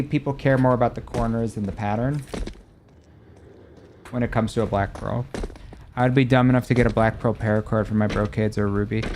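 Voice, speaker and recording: A young adult man streaming live, chatting casually with his viewers and reacting animatedly, his voice swinging between loud and soft. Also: mid-range voice, slight background noise.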